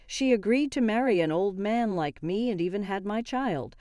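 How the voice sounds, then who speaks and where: A woman reading the lines of an angry older husband in denial, in her own flat narrating voice. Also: mid-range voice, normal speed, smooth, no echo, clean studio sound, lightly acted. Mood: accusing.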